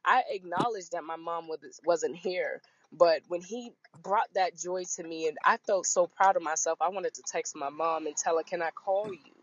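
A woman hosting a podcast, telling a personal story in a frank, animated way and acting out the people in it. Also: on the low side, moderate pace, hardly any pauses. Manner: animated, acts out quoted voices, frank. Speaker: podcast host. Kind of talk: casual storytelling chat. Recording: muffled lo-fi recording.

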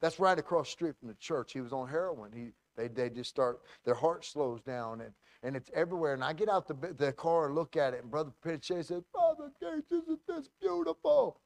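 A man pastor telling a story in a sermon, animated and full of restarts and acted-out quotes. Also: medium pitch, a little fast, hardly any pauses, no room sound.

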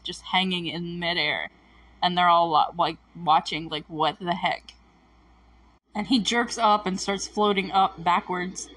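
A woman's voice: mid-range voice, a bit bright, husky, far from the mic, low-quality recording. A woman casually recapping a TV episode, laughing often and acting out the characters' lines. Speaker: recap host.

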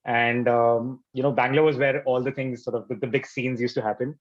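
A man's voice: medium pitch, flat delivery, a little fast, muffled recording. A man, a podcast guest in casual conversation, laid-back and slangy, full of "like" and "man".

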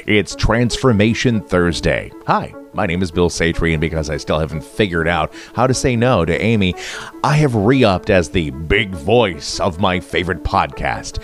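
A man with a low voice and a lively, swinging delivery reads a podcast announcer voice-over. He keeps it playful and jokey, and soft music plays behind him. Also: moderate pace.

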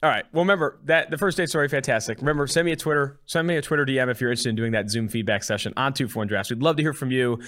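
Young guy in his 20s, podcast host, talks super fast, jokey storyteller. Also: mid-range voice, a bit bright. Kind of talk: casual podcast chat.

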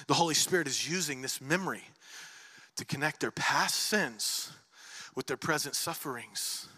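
Male preacher, high and sharply bright, storytelling sermon, hushed to shouting, long church-hall reverb. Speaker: pastor.

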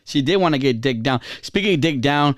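A man's voice: a little fast, no room sound, studio quality. A man hosting a podcast, chatting casually and telling a story with lots of swearing, acting out the quotes. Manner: animated storytelling, acts out quotes with big pitch jumps. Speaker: podcast host.

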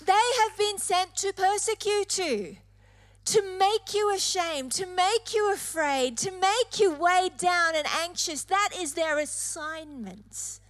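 A woman's voice: extremely high pitch, expressive, slow pace, a faint crowd. A woman preacher delivering an emphatic sermon, stressing points through repetition. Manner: emphatic, repeating phrases for effect.

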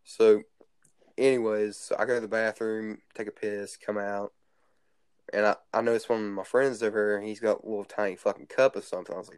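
A teenage boy spins crude, rambling stories and swears his way through a casual chat. His voice sits fairly low, and the sound is dry and close, with little room. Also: steady tone, fast, clear, resonant tone, no echo. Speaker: guest storyteller.

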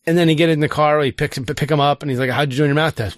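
A man's voice: fairly high pitch, very fast, no room sound, studio quality. A middle-aged man chatting casually as a podcast co-host, telling stories and acting out family dialogue. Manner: animated storytelling, acts out family dialogue. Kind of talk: casual chat.

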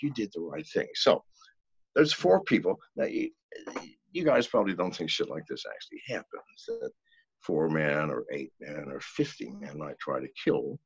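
An older man telling a story as a podcast guest, in a profane, animated way. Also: rumbling low, moderate pace, vocal fry, husky, dry recording. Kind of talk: casual storytelling. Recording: dull, lo-fi, dry sound.

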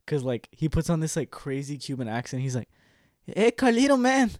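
A man's voice: mid-range voice, dry recording, clean studio sound. A man in casual chat, animatedly retelling film scenes and acting out quotes. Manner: animated, quick to act out quotes and laugh.

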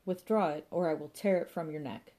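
A woman voicing a storybook masked menace, cold, curt, commanding, low and mellow. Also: brisk, natural voice. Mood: menacing.

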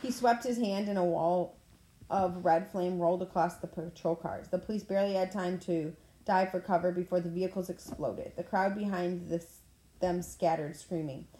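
A woman reading a novel aloud in a plain manner, now and then clearing her throat. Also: lowish voice, steady tone, normal speed, mellow, a little hiss or hum. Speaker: audiobook reader. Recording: echoey room.

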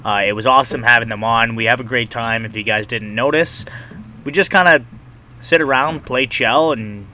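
A man's voice: mid-range voice, normal speed, bright, forceful tone, slight background noise. A man hosting a podcast, casually thanking his guests and rambling in the outro. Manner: easygoing, rambling, swears offhand. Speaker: podcast host.

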